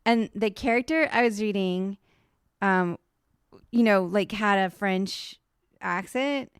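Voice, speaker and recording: A woman co-hosting a podcast from home, telling a story in a casual, animated way, peppered with "like" and swearing. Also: medium pitch, slow pace, clear, resonant tone, dry recording, studio quality. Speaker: podcast co-host. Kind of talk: casual chat.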